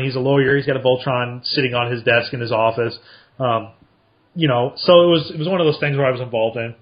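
A man's voice: medium pitch, muffled recording. A man in his thirties from central Illinois, hosting a podcast and telling a long story in a chatty, rambling way with lots of fillers and restarts. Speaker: podcast host answering listener mail. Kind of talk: casual storytelling.

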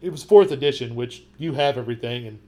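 A man co-hosting a podcast, telling stories in a rambling, animated way with lots of repeated words. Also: mid-range voice, fast. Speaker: podcast co-host. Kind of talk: casual chat.

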